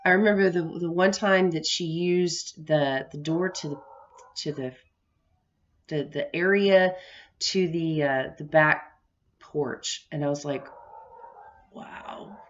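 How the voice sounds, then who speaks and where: A young adult woman tells a story in a loose, chatty way, stopping and restarting her sentences and laughing along the way. Her voice sits a little low for a woman. The recording sounds dull and lo-fi. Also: measured pace. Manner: rambling, many restarts, laughs often. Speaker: vlogger. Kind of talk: casual storytelling vlog.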